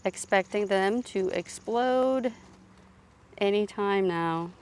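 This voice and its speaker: A woman's voice: mid-range voice, slow, a little mellow, a little hiss or hum. A woman giving a casual, chatty tour of her outdoor garden, thinking aloud as she films on a phone. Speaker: gardening vlogger.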